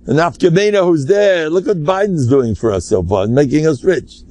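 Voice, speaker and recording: An older man, a rabbi, giving an animated, rambling Torah lecture full of Yiddish and Hebrew terms. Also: on the high side, moderate pace, no room sound.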